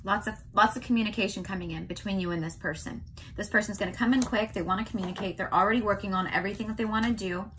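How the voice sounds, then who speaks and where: A young woman from California giving a casual tarot reading to her viewers, chatty and often checking in with a quick "okay?". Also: mid-range voice, a bit bright, a little hiss or hum. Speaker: tarot reader.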